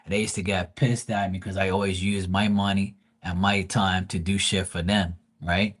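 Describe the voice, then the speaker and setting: A man's voice: sits low, flat delivery, normal speed, fairly bright tone. A man hosting a livestream, telling rambling family stories in a blunt, teasing way and swearing freely. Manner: rambling with many fillers and asides. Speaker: tarot reader and livestream host. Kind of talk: casual storytelling.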